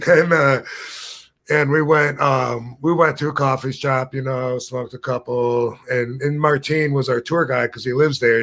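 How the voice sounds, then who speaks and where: A man's voice: mid-range voice, steady tone, a little slow, fairly bright tone. A man in his fifties hosting a podcast, telling a long, wandering story in a casual way, often losing his thread and laughing at his own tales. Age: 50s. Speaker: podcast host.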